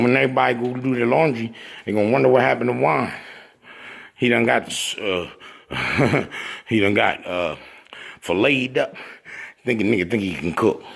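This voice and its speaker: A man's voice: fairly low pitch, gravelly, fairly bright tone, husky. A man giving a casual, rambling monologue while showing off his new room, boastful and full of joking trash talk.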